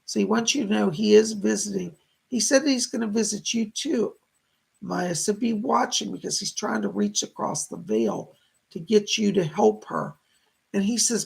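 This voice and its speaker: Middle-aged guy doing psychic readings on a live stream, super gravelly and husky, gushy. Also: high-pitched, normal speed. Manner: animated, gushing, thanks viewers by name. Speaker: psychic medium host.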